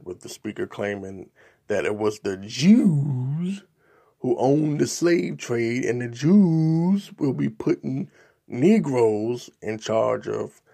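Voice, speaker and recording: A man's voice: medium pitch, gravelly, mellow. A man hosting a podcast, reading political news reports aloud and breaking off into his own asides, with frequent "um"s. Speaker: podcast host.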